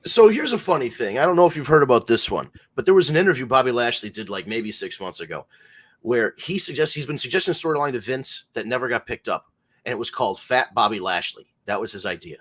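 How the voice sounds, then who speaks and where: A man's voice: medium pitch, lively intonation, quick pace, fairly bright tone. Wry, profane man talking wrestling. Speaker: podcast co-host. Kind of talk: casual wrestling chat.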